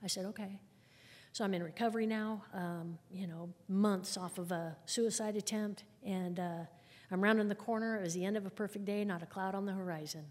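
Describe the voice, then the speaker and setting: A woman's voice: mid-range voice, fairly even intonation, fairly quick, a little mellow. A woman telling her personal recovery story to a group at a meeting, candid and conversational, with wry humor. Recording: long hall reverb.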